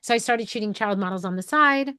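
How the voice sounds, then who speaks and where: A woman's voice: mid-range voice, fast talker, pushed and bright, clean tone, dry recording, clean studio sound. Candid rambling woman storyteller. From New York. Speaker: photographer and educator hosting a live call. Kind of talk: casual personal storytelling to an online group.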